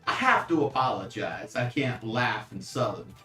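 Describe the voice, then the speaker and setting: A man's voice: medium pitch, lively intonation, normal speed, bright, forceful tone, soft background music. Playful man reading chat, distant and roomy. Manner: playful, reads chat messages aloud. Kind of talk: casual livestream chat.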